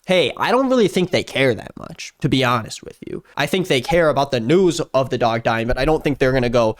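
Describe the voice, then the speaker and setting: A young man talking over clips as a YouTube commentator, his tone sarcastic and openly disbelieving. His pitch sits in an ordinary middle range. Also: lively intonation, fairly quick, hardly any pauses. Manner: sarcastic and incredulous. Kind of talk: reaction commentary.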